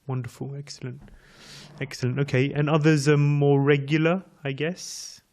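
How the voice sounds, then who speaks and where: A man's voice: a little high, flat delivery, moderate pace, darkish tone. A man with an English accent giving a conversational sermon as a visiting speaker, talking directly to his audience and asking them questions. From England. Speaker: visiting speaker at a temple class.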